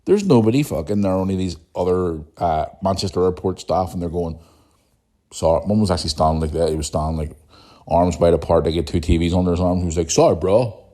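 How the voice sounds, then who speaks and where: A man's voice: sits low, fast. A man hosting a podcast, telling a story casually, swearing freely and acting out what other people said. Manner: animated, swears often, acts out other people's lines. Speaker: podcast host.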